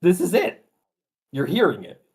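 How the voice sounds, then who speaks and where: A man with a Philadelphia accent, co-hosting a livestream in casual, deadpan banter. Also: high-pitched, normal speed, husky. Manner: deadpan, playfully confused. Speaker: co-host.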